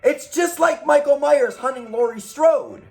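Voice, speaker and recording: A man's voice: very high-pitched, measured pace, vocal fry, soft background music. A man reviewing horror movies in a casual, argumentative monologue, full of rhetorical questions and the odd curse. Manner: animated, rhetorical questions, profane.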